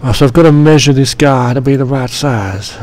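A man's voice: medium pitch, brisk, a little mellow. A man narrating an editing session in a casual, joking way, full of slang and swearing, and rambling as he works. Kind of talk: casual profane screen-recording commentary.

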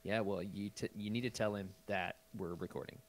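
A man's voice: fairly low pitch, steady tone. A man co-hosting a casual podcast who jokes, wanders off topic and argues over trivia. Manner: joking, digressive, quick to argue. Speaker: podcast co-host. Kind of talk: casual chat.

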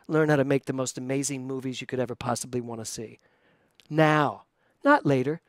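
A man, a pastor giving a sermon who tells a personal story with lively acted-out quotes. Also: a little high, no echo. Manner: animated storyteller, acts out quotes.

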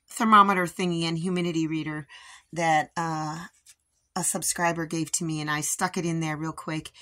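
Hoarse chatty woman vlogger. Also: on the low side, sharp tone. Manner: chatty, rambling with many fillers. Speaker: homestead vlogger. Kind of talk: casual chat.

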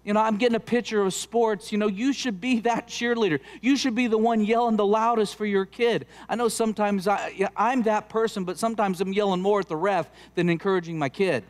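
A middle-aged pastor delivers a Sunday sermon in a bright, high-pitched voice. He speaks earnestly, exhorting his listeners and slowing down whenever he wants a point to land. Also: steady tone. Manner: earnest, exhorting, slows down for emphasis.

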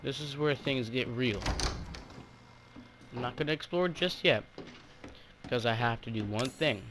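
A man hosting a horror game let's play, excitedly talking to himself as he plays. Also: mid-range voice, measured pace, background noise. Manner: excitable, talks to himself while playing. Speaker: gaming channel host.

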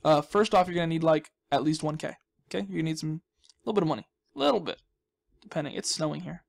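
A young man talks through his gameplay in a loose, rambling way, sliding into side jokes before finding his thread again. His voice sits high for a man and carries a noticeable gravelly fry. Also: fast talker. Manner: rambling, chatty, jokey asides. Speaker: let's play host. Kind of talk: casual gameplay commentary.

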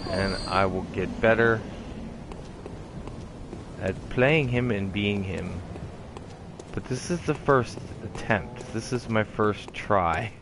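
A man streaming a video game, musing to viewers in relaxed, casual commentary. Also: fairly low pitch, takes it slowly, pauses often, background noise. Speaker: gameplay streamer.

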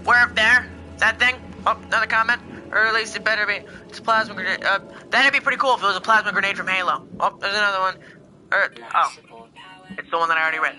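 A young man giving casual, excitable gameplay commentary as host, exclaiming and laughing as he plays. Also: high-pitched, fast, faint music behind.

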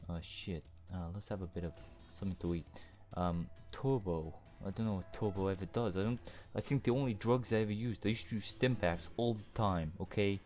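A man with a deep, low voice talks through a video game playthrough. He rambles and drifts between topics in a laid-back way. He swears freely as he plays. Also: brisk, hardly any pauses, a little mellow, soft background music. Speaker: let's play gamer. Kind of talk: gaming commentary.

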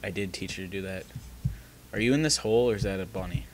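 A man's voice: low-pitched, fast, slight background noise. A man recording a casual gaming session at home, bantering sarcastically with a friend. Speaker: gamer recording a let's play.

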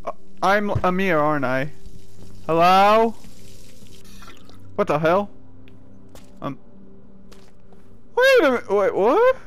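A man playing a horror video game and commenting on it, with loud exclamations and a lot of swearing. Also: sits high, big pitch swings, slow, pauses often, clean tone, soft background music. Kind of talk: let's play commentary.

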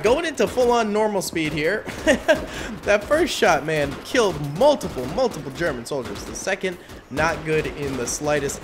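A man giving casual, excitable gameplay commentary on his gaming channel, exclaiming at big moments. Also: on the high side. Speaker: gaming YouTuber. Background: faint game gunfire and music.

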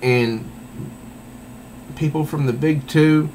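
A man's voice: on the high side, steady tone, takes it slowly, a little mellow, slight background noise, low-quality recording. A man reviewing a comic book in a casual, meandering way, thinking aloud as he goes.

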